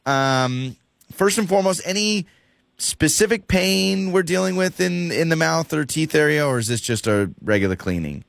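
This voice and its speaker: A man's voice: a little high, lively intonation, normal speed, vocal fry, fairly bright tone, no echo, studio quality. A man who is a radio host, posing as a dental office caller in a prank phone call, stammering, dodging questions and repeating himself.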